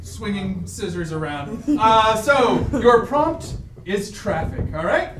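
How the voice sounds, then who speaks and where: A man hosting an improv comedy show on stage, energetic and joking with the audience. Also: high voice, slow pace, background noise. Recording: echoey room from a distance.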